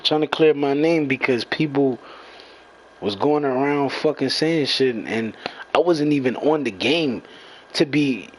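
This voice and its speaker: A man's voice: medium pitch, unhurried, a little hiss or hum, rough recording. Profane young man ranting angrily. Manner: profane, repetitive, confrontational. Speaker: gamer venting to followers. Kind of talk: angry rant.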